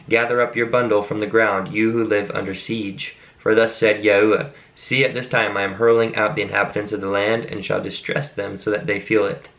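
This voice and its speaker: A man reading scripture aloud at a steady, measured pace, now and then stopping to explain a word. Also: on the low side, poor audio. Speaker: Bible reader.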